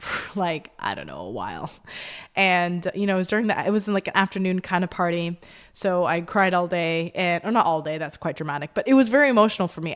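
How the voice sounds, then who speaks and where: A young woman from Los Angeles with a slightly low voice, hosting a self-help show. She talks in a candid, chatty way and sprinkles "like" and "you know" all through her advice. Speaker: podcast host. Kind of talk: casual self-help talk.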